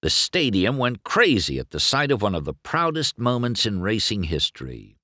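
A man reading a storybook aloud as narrator in an expressive storytelling manner. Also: fairly low pitch, normal speed, no room sound, studio quality.

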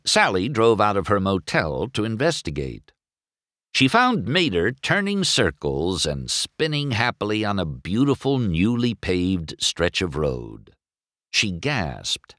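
Slow male storybook narrator, low voice, dead dry close mic. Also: no echo. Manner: expressive storybook reading. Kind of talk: audiobook narration.

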